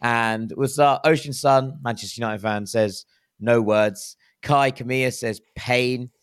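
A man in his thirties hosting a football podcast, relaxed and jokey, reading out listener comments. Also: medium pitch, a little slow, clean tone. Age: 30s. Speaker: podcast host. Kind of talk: casual football podcast chat.

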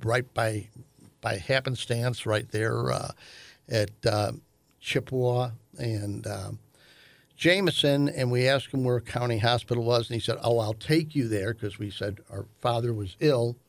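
Gravelly older man. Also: medium pitch, dry recording. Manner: halting, many fillers and restarts. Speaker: guest, host's father. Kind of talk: conversational storytelling.

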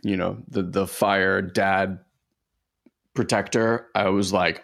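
A man with a very low, gravelly voice tells a heartfelt story in easy conversation. He talks in halting bursts, full of "like" and restarts, as a podcast co-host. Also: fairly even intonation, fairly bright tone.

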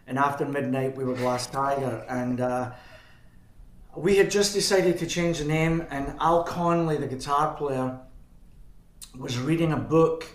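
A man's voice: medium pitch, fairly even intonation, unhurried. A man with a Scottish accent, a band frontman as a guest, telling long rambling anecdotes and correcting himself as he goes. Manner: rambling, self-correcting, chuckling. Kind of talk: anecdotal storytelling. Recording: roomy echo.

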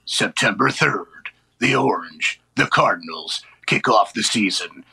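Man putting on a movie-trailer narrator, male, deep booming voice, slow deliberate build, bright ringing tone. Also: lively intonation, vocal fry, heavily acted. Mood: dramatic. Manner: slow, weighty, deliberate delivery.

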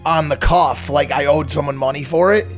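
A man's voice: on the high side, steady tone, moderate pace, faint music behind. A man in his late thirties co-hosting a podcast, joking and teasing his co-host. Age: late 30s. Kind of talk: casual chat.

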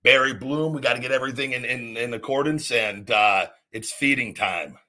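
A man's voice: mid-range voice, normal speed, bright, forceful tone. A man hosting a call-in show, telling stories bluntly and swearing freely. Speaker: podcast host taking callers. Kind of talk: casual profane storytelling.

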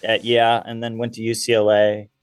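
A man's voice: lowish voice, completely flat delivery, fairly quick, smooth, no echo, clean studio sound, faint music behind. A man in his forties chatting as a podcast guest, laughing often. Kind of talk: casual podcast chat.

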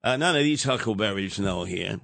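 A man's voice: lowish voice, expressive, moderate pace, creaky, a bit bright, dry recording. An older man hosting a radio talk show, rambling and wisecracking as he ribs his younger co-hosts. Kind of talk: casual talk radio banter.

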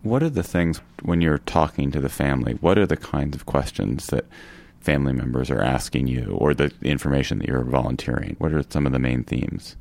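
A man's voice: extremely low pitch, brisk, gravelly, darkish tone. A man interviewing a guest, asking direct, probing questions.

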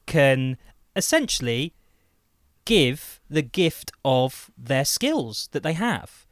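A man co-hosting a podcast, pitching an idea eagerly in casual chat with many restarts. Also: big pitch swings, slow pace, dry recording, clean studio sound. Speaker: podcast co-host.

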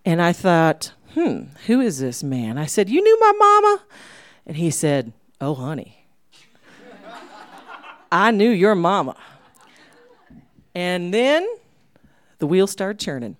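A woman telling a personal story at a live storytelling night, animated and dropping to whispers for effect. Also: on the low side, slow pace, long pauses, no room sound. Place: small live venue.

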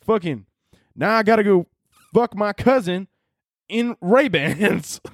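A furious backwoods commenter with a thick Southern drawl, as a man puts him on, ranting in a high, strained voice. He drags out his words in slow, whiny complaints, recorded dry and close. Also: expressive, dry recording, full character voice. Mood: indignant. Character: angry hillbilly male internet commenter.

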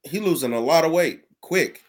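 A man co-hosting a sports podcast in casual chat, upbeat and quick to agree. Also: a little high, lively intonation. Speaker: podcast co-host.

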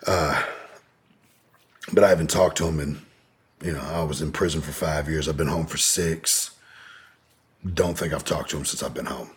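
A man's voice: very deep voice, fairly even intonation, moderate pace, pauses often, slightly rough. A man telling a long personal story as an interview guest, candid and rambling, with frequent profanity and fillers.

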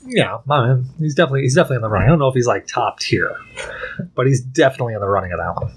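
Podcast host guy, kinda husky voice, joking around, voice jumps all over. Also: mid-range voice, rapid-fire. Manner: animated, joking storyteller. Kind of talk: casual chat.

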